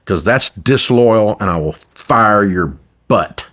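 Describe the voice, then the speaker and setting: A man's voice: lowish voice, animated, takes it slowly, fairly bright tone. An older man, a business owner guesting on a podcast, talking bluntly and emphatically and repeating his points like a sermon. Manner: blunt, emphatic, preachy and repetitive. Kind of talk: podcast interview.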